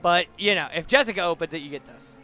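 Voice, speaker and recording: A man's voice: high-pitched, quick pace, pushed and bright, soft background music. A man giving chatty, casual gameplay commentary and laughing often. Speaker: gaming video host.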